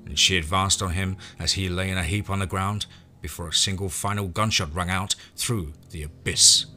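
A man reading a western horror story aloud in first person, steady and dramatic. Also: sits low, normal speed, soft background music. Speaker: narrator.

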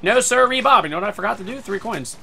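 A man giving excitable gameplay commentary who swears a lot and breaks into sudden shouts. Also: high voice, fast, vocal fry, slight background noise. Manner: talks to himself and his teammates. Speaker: gaming video creator.

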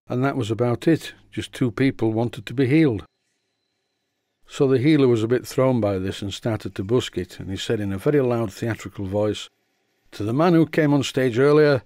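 A middle-aged man from the north of England, calmly and methodically narrating a model engine rebuild. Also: on the low side, dry recording, clean studio sound. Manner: calm, methodical explaining. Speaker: model engineering channel host. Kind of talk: workshop voice-over narration.

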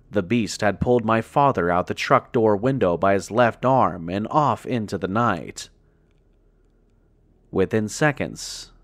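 A man reading a first-person horror story aloud as a podcast narrator, in a measured, dramatic way that slows down on the grim details. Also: mid-range voice, a bit bright, dry recording.

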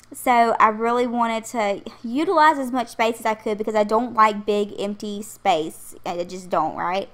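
A young pregnant woman hosting her channel, chatting casually in a rambling voice-over with frequent laughter. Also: fairly high pitch. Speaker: channel host. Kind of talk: casual voice-over chat over a game build.

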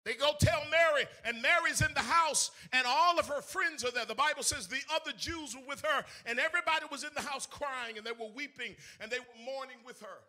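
A man preaching a sermon to a congregation, swinging between shouted, sing-song lines and hushed storytelling. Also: extremely high pitch, a little fast, hardly any pauses. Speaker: evangelist. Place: in front of a congregation.

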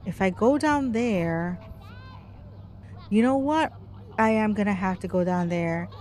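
A woman's voice: mid-range voice, unhurried, a little mellow, faint music behind. Female gamer, live horror playthrough commentary, talks to herself, panicky pleading, drops to whispers. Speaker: game streamer. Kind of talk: let's play commentary.

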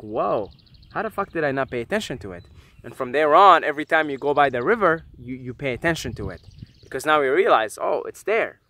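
A young man talking casually to camera about feeling connected to the earth, animated and swearing often, thinking aloud with many restarts and fillers. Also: fairly high pitch. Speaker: vlogger. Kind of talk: casual spiritual monologue.

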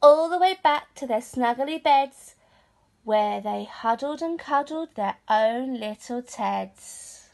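A woman reading a picture book aloud to children in a lively, sing-song, expressive way. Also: on the high side, slow, vocal fry. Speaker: storyteller.

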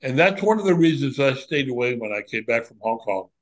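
Older guy, ex monk, chatting with old friends, tells stories candid and lively. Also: medium pitch, a little fast, low-quality recording. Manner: animated storyteller, candid and reflective. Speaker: former monk. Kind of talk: reminiscing conversation.

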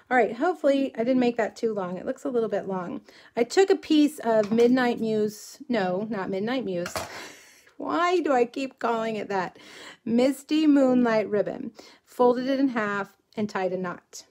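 A middle-aged woman from South Texas with a slightly higher voice. She chats loosely while crafting live on camera, drifting into stories and reading viewers' comments aloud. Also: lively intonation, moderate pace, a little mellow. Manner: chatty, rambling, reads viewer comments aloud while working. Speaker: crafting livestream host. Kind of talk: casual crafting livestream chat.

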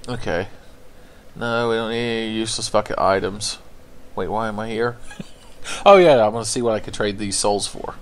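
A man's voice: fairly low pitch, fairly quick, slight background noise. Profane joking man narrating gameplay. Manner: crude joking, profane, playful. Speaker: let's play host. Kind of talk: gameplay commentary.

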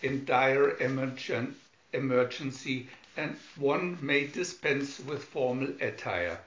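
A man's voice: mid-range voice, slow, fairly bright tone, slight background noise. A man voicing a dutiful, fussy robot guardian in a storybook reading, with stiff alarmed warnings, recorded in an echoey, dull room. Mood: prim.

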